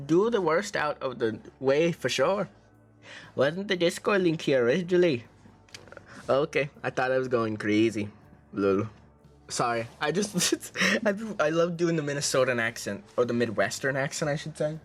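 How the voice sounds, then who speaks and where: A man streaming, reading a visual novel aloud in a casual way, tripping over words and joking between lines. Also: on the high side.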